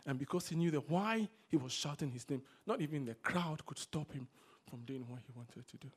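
A man preaching a sermon to a congregation, swinging between loud exhortation and quiet asides. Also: fairly high pitch, a little fast, breathy edge. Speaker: pastor. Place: church service.

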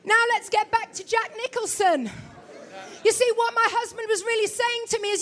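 A middle-aged woman preacher giving a sermon to a church congregation, lively and humorous, teasing her listeners. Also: very high-pitched, normal speed, a faint crowd.

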